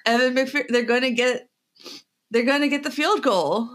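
A woman's voice: sits high, moderate pace. A woman co-hosting a podcast in casual chat, telling stories with lots of laughs and fillers. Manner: giggly, animated storytelling with many fillers. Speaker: podcast co-host.

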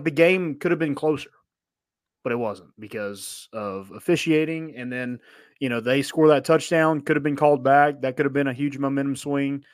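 A man's voice: medium pitch, no echo. Dry-sounding man, casual sports chat. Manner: agreeable, trailing off with fillers. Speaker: podcast co-host.

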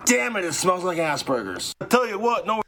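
Male amateur comic, brash punchline delivery, high voice. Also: sing-song, a little fast, fairly bright tone, a little hiss or hum. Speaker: comedian in played clips. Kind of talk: amateur stand-up comedy clip. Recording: played clip.

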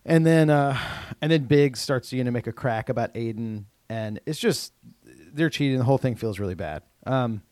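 A man's voice: medium pitch, normal speed, few pauses, darkish tone, no echo. Guy rambling through an episode recap, lots of ums, super dry close mic sound. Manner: rambling with many fillers and restarts. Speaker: podcast co-host. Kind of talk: casual chat recapping a TV episode.

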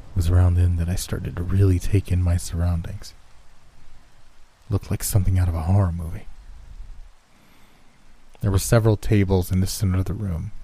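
Deep-voiced man narrating a horror story. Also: slight background noise. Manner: steady first-person storytelling. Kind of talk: scripted narration.

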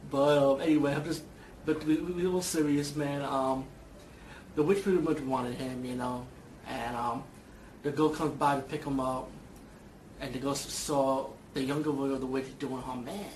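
A man's voice: fairly high pitch, steady tone, fairly quick, roomy sound, a little hiss or hum, poor audio. A man giving a casual, rambling movie review on his vlog, swearing freely and stumbling through fillers and restarts. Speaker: vlogger reviewing a film.

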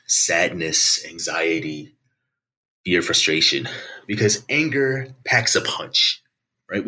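A man with a very low voice and a bright, forceful tone, explaining his research in a measured, articulate way. He sounds like a professor in his thirties answering an interviewer's questions. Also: husky. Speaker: author and political science professor.

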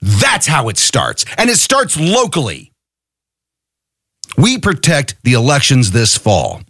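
A man's voice: medium pitch, huge pitch swings, slow, a bit bright, no echo, studio quality. An angry man hosting a podcast, delivering an impassioned, profane political monologue full of rhetorical questions. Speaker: podcast host.

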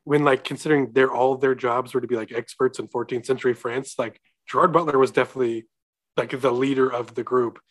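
Casual co-host, young adult man, lively and laughing, acts out lines mid-story. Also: mid-range voice, a little fast. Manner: animated, laughing, quoting characters. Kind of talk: casual movie chat.

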